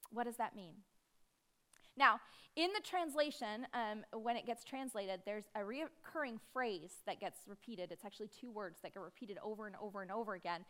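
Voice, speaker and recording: A woman preaching a sermon in a conversational, emphatic way, with dramatic pauses on key words. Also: sits high, pushed and bright.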